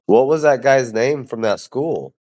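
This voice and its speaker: A man's voice: medium pitch, expressive, measured pace, dark tone. A man hosting a casual podcast chat who reacts with blunt, outraged, swear-filled remarks.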